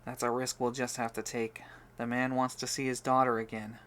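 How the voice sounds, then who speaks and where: A man narrating an audiobook, voicing a steady, reassuring young male hero in a near-natural voice. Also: medium pitch, normal speed, slight background noise, close to an everyday voice.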